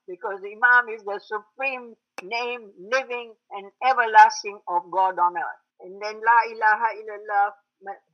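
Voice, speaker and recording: Woman lecturer, higher voice, patient explainer, dull lo-fi recording. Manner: explanatory, checks in with listeners. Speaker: religious teacher. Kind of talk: religious lecture.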